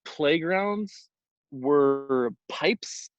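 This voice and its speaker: A man in his thirties from Houston talks in an unhurried, drawn-out way, co-hosting a loose conversation. He meanders through his thoughts with plenty of fillers. The sound is slightly muffled and dry, with no room around it. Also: a little high, animated, no echo. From Houston, Texas. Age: 30s. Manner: rambling, many "like" and "I mean" fillers. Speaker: high school teacher, co-host. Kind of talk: casual unscripted conversation.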